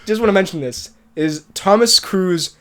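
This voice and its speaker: A young man with a slightly high voice co-hosts a casual film podcast. He runs through the news in a joking, loose way and breaks into laughter often. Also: normal speed, fairly bright tone. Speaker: podcast co-host. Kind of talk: casual chat.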